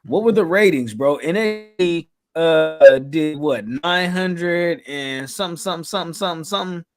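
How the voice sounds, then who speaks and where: A man's voice: on the high side, normal speed, over music. A man co-hosting a podcast in loose, profane, joking banter. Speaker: podcast co-host. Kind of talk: casual chat.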